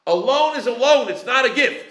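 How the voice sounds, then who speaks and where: A man's voice: very high voice, expressive, normal speed, a bit bright. A man in his forties teaching a Talmud class, acting out creditor and debtor exchanges. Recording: echoey room.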